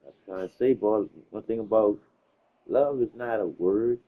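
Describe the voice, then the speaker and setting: A man's voice: lowish voice, moderate pace. A man chatting casually, telling stories in a loose, slangy way, with plenty of cursing. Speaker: host. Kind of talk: casual chat. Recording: tinny phone-like sound.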